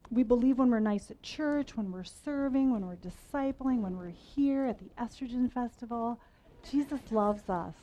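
A woman's voice: a little high, normal speed, dark tone, rough recording. Candid self-mocking woman giving a sermon. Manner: candid, self-mocking, laughs between lines. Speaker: women's event speaker. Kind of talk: conversational sermon talk.

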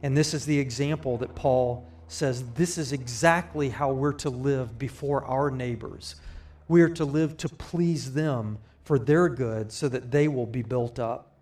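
A man preaching a sermon, explaining scripture in a measured way with light asides. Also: medium pitch, darkish tone.

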